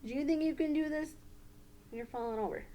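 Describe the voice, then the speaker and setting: A woman teacher running a puppet lesson for young children, gentle and coaching. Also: sits high, fairly quick.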